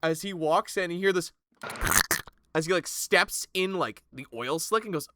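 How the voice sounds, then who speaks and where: A man's voice: a little high, moderate pace, background noise. A man narrating a tabletop game as game master, loose and profane, with frequent laughs.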